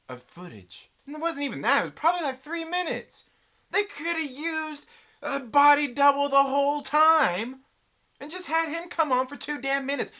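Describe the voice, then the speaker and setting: A YouTube reviewer giving a casual, ranting review, joking and swearing, full of slang like "dude" and "bro". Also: mid-range voice. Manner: animated, profane, joking rants. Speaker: YouTube pop-culture reviewer.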